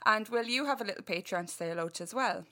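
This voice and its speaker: A woman's voice: mid-range voice, quick pace, sharp tone. An Irish woman co-hosting a podcast, chatting casually, laughing often and swearing freely. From Ireland. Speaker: podcast co-host. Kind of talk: casual chat.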